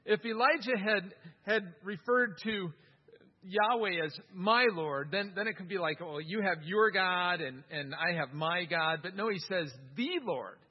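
A man preaching a sermon, reading scripture with lively, wry humor. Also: sits high, measured pace, slightly rough. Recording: dull sound, long hall reverb.

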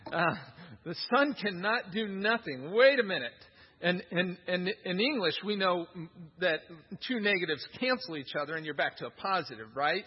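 A middle-aged man preaching a sermon to a congregation, emphatic and animated, often repeating words as he builds a point. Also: high-pitched, husky. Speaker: pastor. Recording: dull, reverberant hall recording.

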